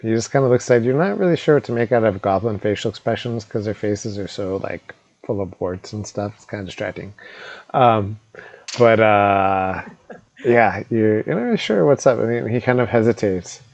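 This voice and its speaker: A man's voice: fairly low pitch, animated, moderate pace, vocal fry, a little mellow. A man narrating as game master, casual and chatty with lots of fillers. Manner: casual, laughing, filler-heavy.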